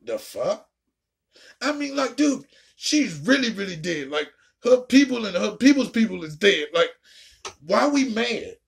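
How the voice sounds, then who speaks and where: A woman ranting casually and profanely while reacting to a show, with a raspy, gravelly voice. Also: mid-range voice, very animated, measured pace. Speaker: video reactor.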